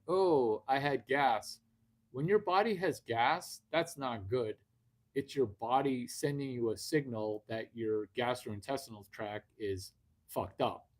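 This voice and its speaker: A man hosting a live video stream, talking brashly and rambling at his viewers with a lot of swearing. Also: mid-range voice. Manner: brash, profane, rambling, addresses viewers directly. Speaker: livestream host. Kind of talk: unscripted livestream talk.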